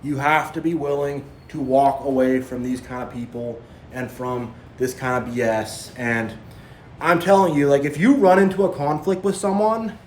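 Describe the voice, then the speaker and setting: A man's voice: mid-range voice, moderate pace, a little mellow, echoey room, slight background noise. A man giving a preachy, repetitive monologue as a spiritual vlogger, warning listeners and mocking others in quoted voices. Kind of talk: impassioned monologue to camera.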